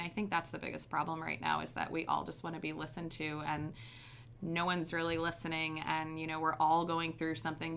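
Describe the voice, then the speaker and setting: A woman's voice: on the low side, fairly bright tone, slight background noise. A young woman telling stories as an interview guest, chatty, with many ums and likes. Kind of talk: casual storytelling interview.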